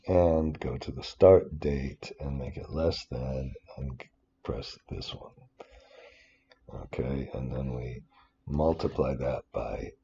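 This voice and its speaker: Male finance instructor, warm dark tone, loose rambling delivery with sudden rants. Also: very deep voice, muffled recording, slight background noise. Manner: rambling, many restarts, breaks into excited rants. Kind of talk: screen-recorded spreadsheet tutorial.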